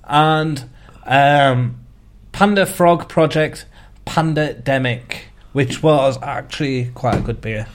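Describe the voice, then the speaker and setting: A man's voice: mid-range voice, takes it slowly. A man co-hosting a podcast in casual chat, grumbling and teasing dryly. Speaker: podcast co-host.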